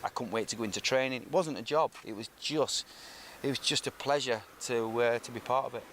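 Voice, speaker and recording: A middle-aged man, a former professional footballer, telling lively anecdotes in a relaxed interview and acting out what others said. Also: medium pitch, brisk, slight background noise. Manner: lively storyteller who acts out quoted speech.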